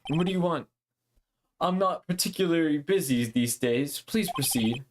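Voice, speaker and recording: A man's voice: on the high side, lively intonation, moderate pace, a little hiss or hum, close to an everyday voice. A man voicing a pompous older male lawyer who talks down to the young man he speaks to. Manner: self-important, talks down, calls others boy and son.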